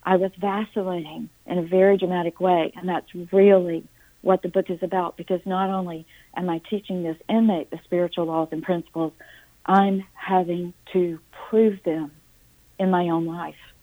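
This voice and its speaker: A middle-aged woman speaks as an interview guest, her voice sitting a little low. She tells her story earnestly, breaking off into halting restarts. She acts out her own past words with drama. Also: little pitch movement, dark tone, poor audio.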